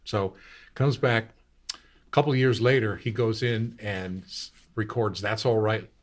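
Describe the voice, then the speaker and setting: A man's voice: fairly low pitch, fairly even intonation, a little slow. A man in his sixties, a radio host, telling long rambling anecdotes in casual talk. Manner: rambling anecdotal, acts out quotes. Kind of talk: casual storytelling.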